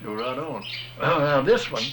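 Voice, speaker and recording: A plain-spoken man talks through a point step by step, in a folksy, patient manner. His voice sits at an ordinary middle pitch. A faint hiss and some outdoor ambience sit behind him. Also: slow. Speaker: music teacher explaining rhythm. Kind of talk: casual explanation.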